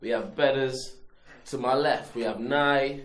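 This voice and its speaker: A lively man hosting in an echoing room. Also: mid-range voice. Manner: animated, teasing, quick repeated interjections. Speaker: podcast host. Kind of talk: casual group chat.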